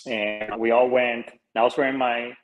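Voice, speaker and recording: A man's voice: medium pitch, flat delivery, moderate pace, highs cut off. A Colombian-born man in his forties hosting a podcast, talking earnestly in a rambling, casual way, with lots of fillers, restarts and casual swearing. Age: 40s. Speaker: podcast host.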